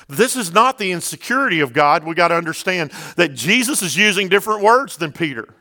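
Emphatic preacher with gravelly high voice. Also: male voice, big pitch swings, fairly quick, hardly any pauses. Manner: emphatic, with loud bursts; rhetorical questions to the congregation. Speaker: pastor. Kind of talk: sermon.

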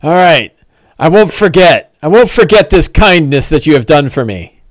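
A man's voice: a little high, very animated, moderate pace, no echo. A man voicing a treacherous wounded male orc warrior who wheedles and jeers. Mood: falsely grateful. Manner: wheedling then jeering.

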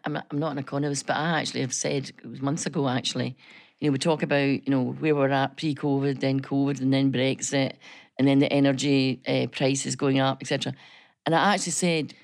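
Deep-voiced Scottish woman, gravelly and chatty. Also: a little fast, no room sound, clean studio sound. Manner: animated storyteller, chatty, many restarts. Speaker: business chamber chief executive, guest. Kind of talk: casual radio chat.

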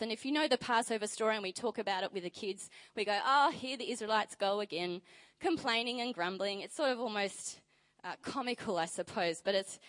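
A woman preaching a sermon in a conversational way, reading scripture aloud with lively emphasis. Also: medium pitch.

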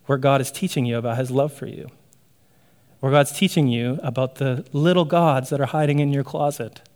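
A man delivers a sermon in a relaxed, talky way, checking in with his listeners and laughing lightly. His voice sits a touch higher than most men's. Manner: conversational preaching with frequent "right?" asides and light laughs. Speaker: pastor.

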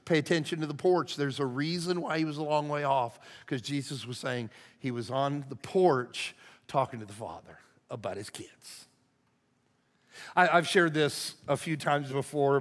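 An older man, a lead pastor, preaching a sermon in a folksy, conversational way that swings from hushed to loud. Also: medium pitch, fairly even intonation, normal speed. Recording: long hall reverb.

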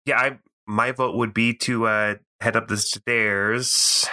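A man's voice: lowish voice, little pitch movement, slow, sharp tone. A man playing in a tabletop role-playing game, talking casually and hesitantly. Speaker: player.

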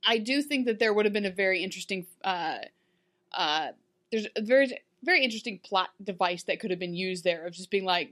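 Woman, mid pitch, enthusiastic and chatty, filler-heavy show talk. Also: lively intonation, brisk, a bit bright. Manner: gushing, filler-heavy, slips into silly acted voices. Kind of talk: casual TV recap chat.

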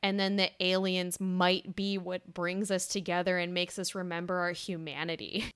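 A woman's voice: fairly low pitch, level tone, normal speed, fairly bright tone, clear, resonant tone. A woman co-hosting a casual film podcast, musing thoughtfully and speculating aloud. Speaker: podcast co-host. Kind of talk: casual chat about films.

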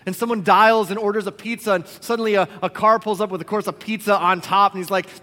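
A male pastor delivers a sermon in a high, light voice. He keeps it conversational and animated, slipping into the voices of the people in his stories. His words carry a long reverb, as if spoken in a large church auditorium. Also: quick pace, hardly any pauses.

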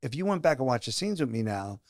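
An animated male actor telling a story on a talk show, slipping into other people's voices as he goes. His voice sits at an everyday middle pitch. The sound is close and dry, with no room echo. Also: quick pace. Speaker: actor guest. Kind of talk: casual storytelling interview.

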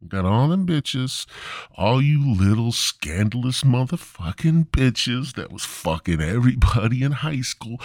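A man's voice: medium pitch, darkish tone, no echo, studio quality. A man hosting a podcast, ranting crudely and rambling in a stand-up style. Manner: profane, rambling, swooping delivery. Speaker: podcast host.

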